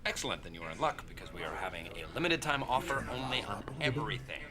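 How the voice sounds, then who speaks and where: Rigid eager paper salesman, quick, wildly varied pitch, sitcom clip with loud crowd. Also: big pitch swings. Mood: stiff salesman. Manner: formal, pushy, rising to shouting. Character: stiff, overeager male paper salesman.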